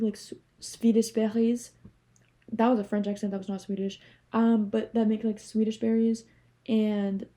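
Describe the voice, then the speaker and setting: Rambling young woman, mellow voice. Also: medium pitch. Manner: rambling, animated, swears casually. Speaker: vlogger. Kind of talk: casual rambling monologue.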